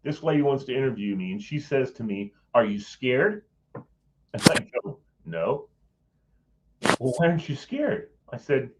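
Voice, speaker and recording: Muffled and buried under heavy background noise, a medium-pitched male voice tells a personal story. He's a middle-aged guest in casual conversation who animatedly voices the people he quotes and chuckles as he talks.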